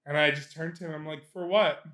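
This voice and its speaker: A man's voice: a little high, level tone, fast, bright, forceful tone. A young man co-hosting a podcast, telling a story in casual chat, laughing at himself and swearing freely. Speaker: podcast co-host. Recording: echoey room.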